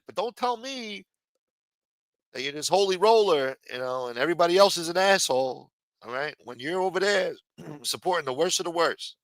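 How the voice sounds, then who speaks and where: A man's voice: fairly high pitch, expressive, normal speed, a bit bright, no room sound, rough recording. A man on a livestream ranting angrily and scolding a viewer, with lots of profanity. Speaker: livestream co-host. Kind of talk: heated livestream rant.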